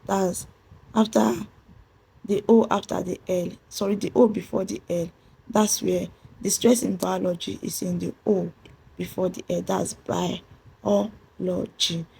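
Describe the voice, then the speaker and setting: Woman teacher, husky gravelly mellow voice, spells out letters while explaining rules. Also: mid-range voice, fairly even intonation, unhurried, rough recording. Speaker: English teacher. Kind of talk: spoken pronunciation lesson.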